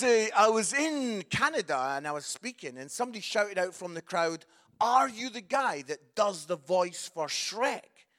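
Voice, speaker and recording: Scottish guest speaker, male, high voice, animated comic church talk. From Scotland. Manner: joking, animated, acts out quoted voices.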